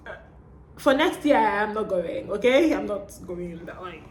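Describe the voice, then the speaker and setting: A young woman vlogger with a Nigerian accent talks casually to her viewers in a chatty vlog, often tagging her lines with "okay?" Her mid-range voice is animated and unhurried.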